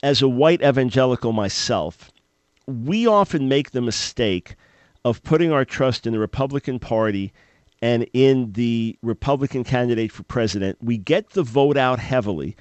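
Measured man hosting a call-in show. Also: medium pitch, expressive, no echo, muffled recording. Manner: earnest, measured, thinking aloud. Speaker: radio talk show host. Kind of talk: call-in radio talk.

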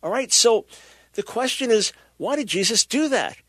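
A man's voice: extremely high pitch, lively intonation, moderate pace, bright, forceful tone, no room sound, clean studio sound. A middle-aged man hosting a radio talk show, preaching with impassioned, emphatic delivery and acting out the people he quotes.

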